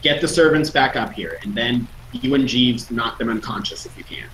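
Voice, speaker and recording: A man's voice: mid-range voice, moderate pace, fairly bright tone, roomy sound, slight background noise, poor audio. A man playing a tabletop game, talking through plans casually. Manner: planning aloud, casual. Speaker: player.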